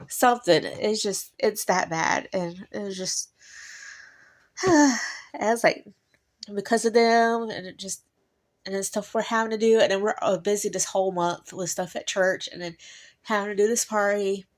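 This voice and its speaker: A woman's voice: mid-range voice, moderate pace. A woman, chatting in a rambling personal monologue and laughing between thoughts. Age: 40s. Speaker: vlogger.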